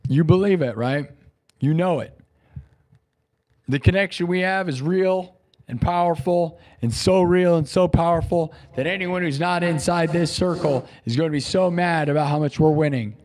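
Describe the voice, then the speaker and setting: A male live streamer with a somewhat high voice signs off with a hype pep talk to his viewers. He repeats his boasts about winning, now loud and proud, now low and reflective. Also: moderate pace. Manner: boastful, repetitive hype, swinging between loud declarations and quiet musing. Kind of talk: livestream sign-off pep talk.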